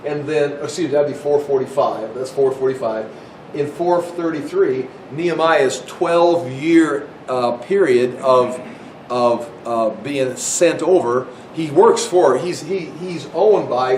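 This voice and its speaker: An American man giving a casual Bible history lecture, rambling with restarts and asides. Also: darkish tone. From United States. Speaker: Bible teacher. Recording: echoey room, mic far off, faint rumble.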